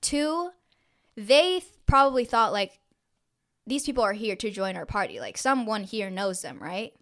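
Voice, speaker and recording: This young podcast co-host has an expressive, mid-range voice with a fairly bright tone and a moderate pace. She tells a story in casual conversation, cursing liberally and acting out the other people's lines.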